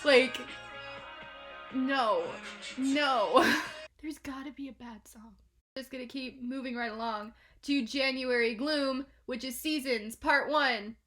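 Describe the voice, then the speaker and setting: A woman reviewing an album in a reaction video, excitable and swearing, swinging between hushed whispers and shouts. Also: sits high, slow pace. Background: album music playing.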